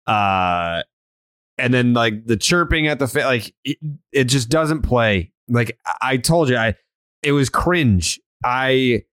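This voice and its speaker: A man's voice: mid-range voice, expressive, slow, a bit bright, clear, resonant tone, no room sound, clean studio sound. A man hosting a casual sports podcast, blunt and swearing often, with many fillers and restarts. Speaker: podcast host.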